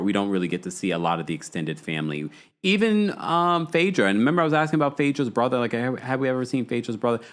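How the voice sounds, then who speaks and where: A male host of a casual live show, talking freely to his viewers and reading their chat messages aloud. His delivery is loose and animated, with frequent laughs and pitch that jumps up whenever he wants to stress something. He sits at a middle pitch for a man. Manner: chatty and animated, laughs often, swings his pitch up for emphasis. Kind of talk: casual livestream recap of a reality show.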